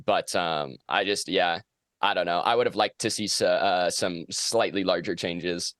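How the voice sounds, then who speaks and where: Male co-host, casual game talk, animated delivery, dry sound. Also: low voice, unhurried, no echo. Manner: animated, ranting. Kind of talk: casual gaming podcast chat. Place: outdoors on a windy day.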